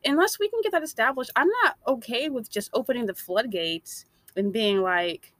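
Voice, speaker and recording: A woman's voice: sits high, very animated, normal speed, fairly bright tone, dry recording. A woman delivering a blunt, emphatic opinion monologue.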